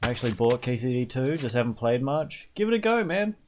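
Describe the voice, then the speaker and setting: Doing casual gameplay commentary, a young Aussie streamer jokes around, swears a lot, and coos over a dog in the game. He speaks a little fast at medium pitch with big swings in intonation, and there's a slight hiss or hum in the audio.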